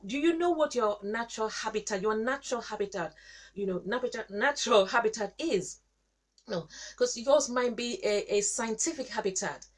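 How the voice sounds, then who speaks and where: A woman hosting a show, giving a devotional teaching talk, repeating herself and pausing with fillers. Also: a little high, lively intonation. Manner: repetitive, halting, with many fillers. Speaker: show host and Christian teacher.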